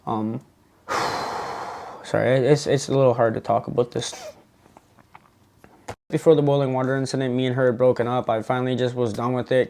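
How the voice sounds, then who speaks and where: A twenty-year-old man telling his own story in a personal vlog, halting and earnest, with many restarts. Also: mid-range voice, darkish tone.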